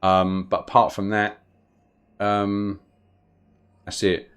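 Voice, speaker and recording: Chatty low-voiced London man streaming. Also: little pitch movement, takes it slowly, a bit bright, smooth. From London, England. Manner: chatty, rambling, greets chat viewers while playing. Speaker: live-streamer. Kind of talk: live-stream gameplay commentary.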